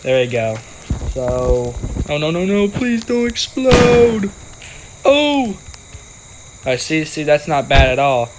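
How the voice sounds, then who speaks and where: A man's voice: a little high, sing-song, takes it slowly, noisy background. A young man giving casual, playful commentary over a video game and joking with the characters on screen. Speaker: gaming video creator.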